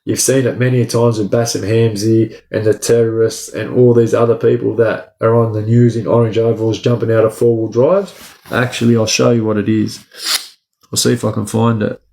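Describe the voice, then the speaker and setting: A man's voice: fairly low pitch, little pitch movement, normal speed, creaky, mellow. A young Australian man casually telling a story from his past, swearing often and rambling with plenty of "like" and "bro". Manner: profane, rambling, says "like" and "bro" a lot. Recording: echoey room.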